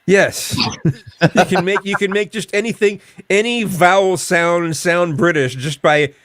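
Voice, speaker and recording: A man on a live panel, explaining in a halting, self-correcting way during casual chat. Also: high voice, steady tone, fairly bright tone, no room sound, studio quality. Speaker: panel guest.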